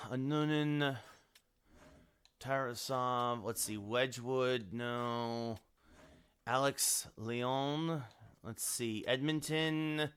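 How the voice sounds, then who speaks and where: Late at night, a man streams a hockey game, his mid-range voice bright, forceful, and smooth. He rambles and thinks aloud while scrolling through players, chatting with his viewers as live game-stream commentary.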